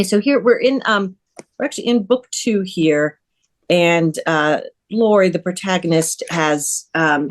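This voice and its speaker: A woman in her fifties, a guest author in a casual interview, lively and chatty and often restarting her sentences. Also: low voice.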